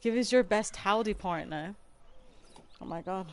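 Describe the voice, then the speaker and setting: Woman streamer in her room, chatty, laughs a lot, mid-pitched voice. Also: measured pace. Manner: chatty and giggly, talking to viewers. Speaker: game streamer. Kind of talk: casual livestream chat while playing. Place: her own room at home.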